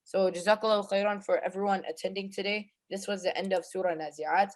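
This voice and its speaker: A man with a high-pitched, fast, fairly even voice recites Quran verses in Arabic and then explains them in English, with frequent fillers and restarts. He's a student presenting Quran commentary.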